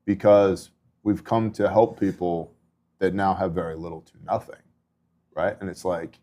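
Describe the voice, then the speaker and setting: Middle-aged guy, kinda low voice, earnest casual faith chat, lots of "you know" asides. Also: fairly even intonation, normal speed, dark tone. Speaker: podcast host and disaster relief volunteer. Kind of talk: casual faith talk and storytelling.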